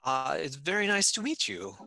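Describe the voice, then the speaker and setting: A man playing a tabletop game, speaking politely and haltingly in character. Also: on the high side, sing-song, gravelly, sharp tone, no room sound. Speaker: player. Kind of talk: casual tabletop role-play.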